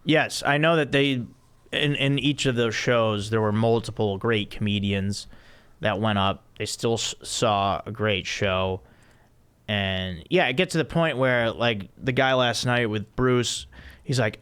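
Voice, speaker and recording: Smooth-voiced man hosting a chat podcast. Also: on the low side, measured pace, fairly bright tone. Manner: rambling storyteller with many restarts and laughs. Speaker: podcast host.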